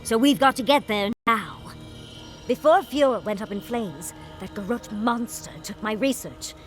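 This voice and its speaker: A woman's voice: a little high, animated, measured pace, soft background music. An actress voicing a flamboyant, eager woman scholar in a video game who talks in a theatrical way. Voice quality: theatrical, calls people darling. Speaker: scholar character.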